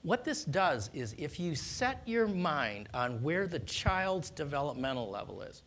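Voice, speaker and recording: A man speaking as a doctor, calmly explaining how parents should handle their child's tantrums, earnest and instructive. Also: on the high side, measured pace, slight background noise. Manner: calm, earnest, instructive, with small restarts. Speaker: doctor giving parenting advice. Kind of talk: explanatory talk on child discipline.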